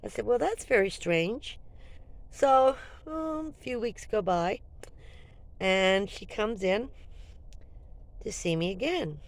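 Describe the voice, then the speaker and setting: A woman in her seventies telling a story in a casual vlog, animated and acting out both sides of the conversation, with a cold. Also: medium pitch, slow, long pauses. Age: 70s. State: has a cold, coughing. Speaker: vlogger.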